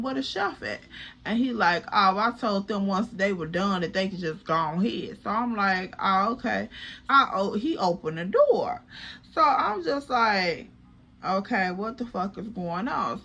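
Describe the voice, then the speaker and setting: Young woman, bright animated storyteller voice, vlog storytime. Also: mid-range voice. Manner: animated, chatty, profane, addresses viewers as girl. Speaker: storytime vlogger. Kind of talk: casual storytelling.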